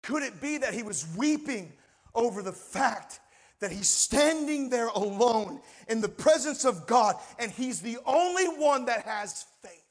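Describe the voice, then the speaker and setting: High-voiced man preaching with passion. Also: animated, a little slow. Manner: impassioned preaching, swinging between shouting and hushed asides. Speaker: pastor. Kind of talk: sermon.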